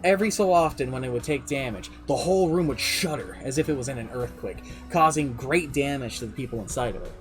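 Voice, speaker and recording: A man streaming live as game master, telling the story of his campaign in a casual, animated way with some swearing. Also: mid-range voice, fast talker, few pauses, soft background music. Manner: animated, swearing, shifts pace often. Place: home streaming setup.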